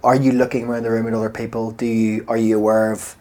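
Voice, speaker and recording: A man hosting a podcast interview, asking questions with relaxed, dry asides. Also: fairly low pitch, quick pace. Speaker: podcast host. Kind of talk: conversational interview.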